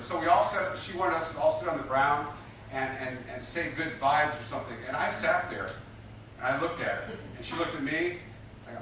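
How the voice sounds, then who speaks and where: Bright-voiced male preacher in an echoing hall. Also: on the high side, normal speed, a little hiss or hum. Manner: emphatic and repetitive, drawing call-and-response from the congregation. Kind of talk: sermon. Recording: echoey room picked up from a distance.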